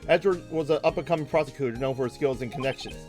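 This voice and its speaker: A man voicing a male TV news anchor, reading in a lower, quieter newsreader cadence. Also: rapid-fire, faint music behind, natural voice. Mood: grave.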